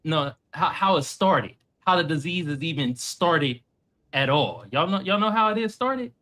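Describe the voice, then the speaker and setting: A man on a panel in casual banter, loud, slangy, joking and profane. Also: fairly high pitch, lively intonation, normal speed.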